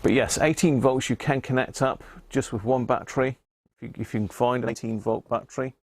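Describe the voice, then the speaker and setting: A man's voice: medium pitch, steady tone, fairly quick, a little hiss or hum. A man hosting a casual live stream, rambling as he answers viewers from the chat. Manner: chatty, rambling, with restarts while reading chat aloud. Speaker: host of a radio-hobby live stream.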